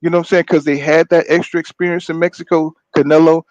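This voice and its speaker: A man's voice: fairly high pitch, level tone, fast talker, a little mellow, dry recording. A man hosting a boxing podcast. He talks in a casual, rambling way, gets heated and swears a lot, and keeps saying "you know what I'm saying". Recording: dull, dry lo-fi sound.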